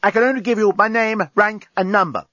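A man voicing a nervous, cheeky male journalist held prisoner, in a high, jittery voice. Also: fairly even intonation, fairly quick, bright, forceful tone, dry recording, highs cut off. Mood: defiant.

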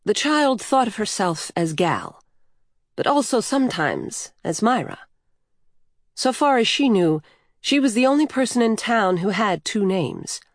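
A woman reads a novel aloud as an audiobook, her storytelling measured and even. The scripted narration is in a mid-range voice, recorded at studio quality with no room sound.

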